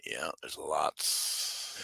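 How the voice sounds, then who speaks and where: A man's voice: extremely slow, sharp tone, no room sound. A man co-hosting a casual livestream, dropping joking side comments and laughing often. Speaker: livestream co-host.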